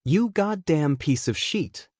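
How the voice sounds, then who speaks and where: A man reading fan fiction aloud and voicing a hot-tempered young man who snarls and shouts insults. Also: medium pitch, expressive, normal speed, no echo, clean studio sound, close to an everyday voice. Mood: angry. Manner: angry shouting, crude insults.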